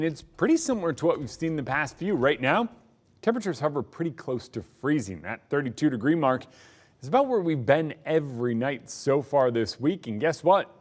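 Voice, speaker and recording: A man, the station's chief meteorologist, giving the weather forecast in a conversational way. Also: on the high side.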